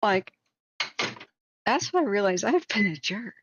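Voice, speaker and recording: A woman's voice: mid-range voice, big pitch swings, measured pace, background noise. A woman host on a live stream, telling a long self-deprecating story in a rambling way with many fillers. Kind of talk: casual storytelling.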